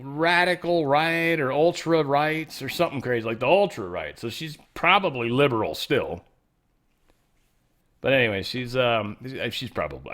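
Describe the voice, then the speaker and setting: A man's voice: on the low side, fairly bright tone. A man hosting his own show, giving casual news commentary in a rambling, profane, ranting way. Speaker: host.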